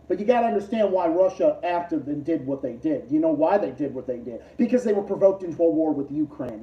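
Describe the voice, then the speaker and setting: A man hosting a livestream, ranting casually, profane and combative, jumping between loud outbursts and low mutters. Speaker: livestream host. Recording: muffled, roomy, distant lo-fi mic.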